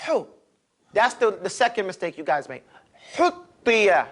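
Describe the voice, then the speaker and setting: Lively New York man teaching a class. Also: high voice, fast. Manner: lively, animated, pushes students to repeat. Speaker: Arabic teacher. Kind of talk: classroom lecture.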